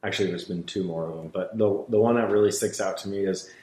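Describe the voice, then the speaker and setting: Blunt, low-voiced man telling hunting stories. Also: fast talker, warm tone. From Washington State, USA. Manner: blunt, swears freely, acts out dialogue in stories. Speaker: hunting guide and guest. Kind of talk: casual storytelling. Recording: roomy echo.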